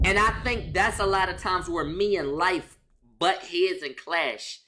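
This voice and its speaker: A young man telling a casual storytime as a streamer, animated and profane, firing off rhetorical questions and repeating lines for emphasis. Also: high voice, unhurried.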